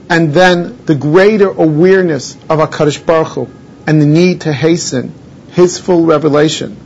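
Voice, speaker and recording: A man, a rabbi, teaching a Torah lesson and explaining each Hebrew term in English. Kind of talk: Torah lesson on mourning laws. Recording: dull lo-fi recording with faint rumble.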